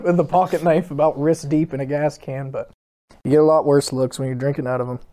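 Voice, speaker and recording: A young man appearing as a guest on a casual podcast, telling stories in a relaxed way. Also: a little high, a little fast. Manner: relaxed, storytelling with laughs.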